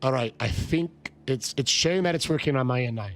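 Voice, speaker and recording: A man live-streaming a game, chatting with viewers, shouting excited greetings and swearing. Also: medium pitch, fairly quick, faint music behind. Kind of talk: live-stream chat while gaming.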